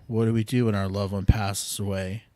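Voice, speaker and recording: A man's voice: lowish voice, flat delivery, darkish tone, dry recording. A man hosting a podcast, giving an earnest devotional talk with casual fillers that builds to impassioned pleading. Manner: slow, earnest, rising to impassioned intensity; conversational with fillers and restarts. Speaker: podcast host.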